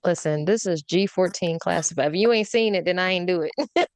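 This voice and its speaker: A woman's voice: lowish voice, brisk, dry recording. A woman hosting a podcast, chatting casually and ranting with frequent laughter. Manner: animated ranting, laughs often. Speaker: podcast host.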